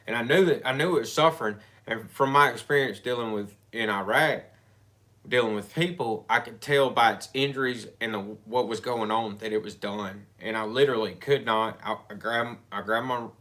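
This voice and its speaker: Bright-voiced man telling a story casually. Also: lowish voice. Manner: rambling, halting, with many restarts. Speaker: storyteller in a couple's chat.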